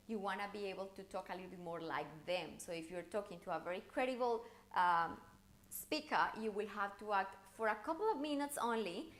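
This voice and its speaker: Speaking straight to her viewers, a woman who works as a communication coach leads an online challenge lesson with lively encouragement. Her mid-range voice rises and falls expressively.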